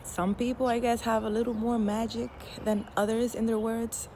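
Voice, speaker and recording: Woman, casual storytelling, candid, dark mellow tone, faint background hiss. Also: fairly high pitch, flat delivery, moderate pace. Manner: chatty, candid, laughs at own story. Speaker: spiritual storyteller.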